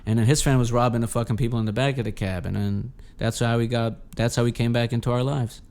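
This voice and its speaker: A man's voice: medium pitch, fairly even intonation, fast, a little mellow. A man guesting on a podcast, telling a personal story in a rambling, profane way with many restarts. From Los Angeles. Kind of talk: casual storytelling.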